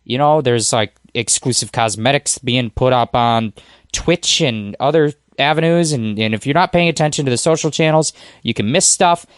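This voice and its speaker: Podcast guest, male, mid-pitched, relaxed rambling talk, dry close mic. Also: normal speed, clean tone, no echo. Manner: easygoing, rambling, self-deprecating. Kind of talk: casual podcast chat.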